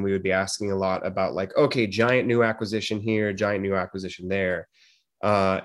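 A man hosting a casual interview, rambling with lots of fillers and little jokes. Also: lowish voice. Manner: rambling, full of fillers, jokey. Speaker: podcast host.

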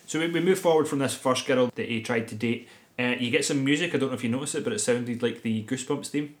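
A man's voice: mid-range voice, fast talker. A man, co-hosting a podcast and recapping a film from his notes in casual chat, laughing often. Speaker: podcast co-host.

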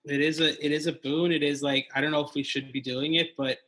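A man who is a comedian, talking as a guest on a podcast in a halting way with lots of fillers. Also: a little high, level tone, fairly bright tone. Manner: halting, many fillers and restarts. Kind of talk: casual podcast chat.

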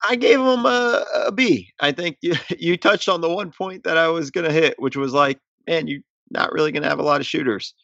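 A man co-hosting a casual sports podcast, speaking in a relaxed, hesitant way. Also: fairly high pitch, gravelly, dry recording, dull audio. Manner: relaxed, hesitant, drawn-out phrasing. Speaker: podcast co-host.

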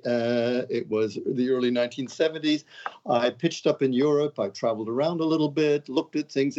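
An older man from Canada talks through an interview at an ordinary pitch, dropping dry jokes at his own expense. The audio is a touch dull and muffled. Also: dark tone. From Canada (Montreal). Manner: wry, self-deprecating joking. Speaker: guest author. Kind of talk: conversational interview.

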